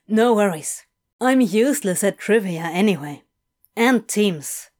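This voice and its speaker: A woman's voice: mid-range voice, lively intonation, unhurried, a little mellow, lightly acted. A woman voicing an aloof, sardonic man who talks in a curt, drawling way. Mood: dry.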